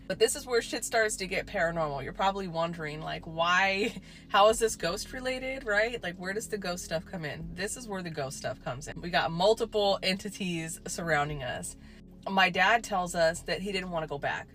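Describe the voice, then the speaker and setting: A woman's voice: fairly low pitch, a bit bright. Chatty woman telling a spooky story. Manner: chatty, peppered with "like" and swearing. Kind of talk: casual storytime.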